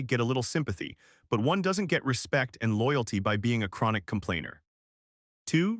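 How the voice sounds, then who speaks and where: A man reading a self-help audiobook summary as scripted narration, with a steady, even delivery and measured emphasis. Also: medium pitch, no room sound, clean studio sound.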